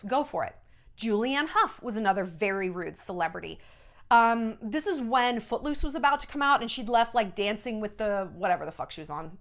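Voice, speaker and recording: A woman's voice: a little high, a bit bright. Sarcastic, profane woman telling a rant. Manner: sarcastic, profane, mimics people in exaggerated voices. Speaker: commentary vlogger, former entertainment journalist. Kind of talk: casual storytelling rant.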